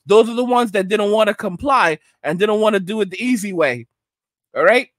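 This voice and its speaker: In studio-quality audio with no room sound, a high-pitched, bright-toned man with lively intonation hosts a commentary livestream at a moderate pace. He rants emphatically, repeats his points, reads viewer chat, checks in with "all right?", and adopts mocking voices.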